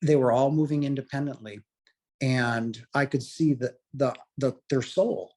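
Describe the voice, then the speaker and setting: A man's voice: mid-range voice, a little slow, darkish tone. A man in his late forties, a guest telling a personal story in an earnest, heartfelt and emotional way. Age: late 40s. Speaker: guest telling his near-death experience.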